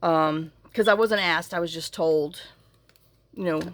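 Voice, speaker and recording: A journaling channel vlogger chats casually to camera, tearful and fighting back crying, rambling and often trailing off to restart. Her voice is on the low side and unhurried, with no room sound.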